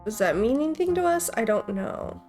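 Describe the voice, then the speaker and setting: A woman's voice: a little high, big pitch swings, fairly quick, darkish tone, faint music behind. A woman hosting a gaming channel, casually commenting and thinking aloud while playing. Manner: chatty, thinks aloud, jokey.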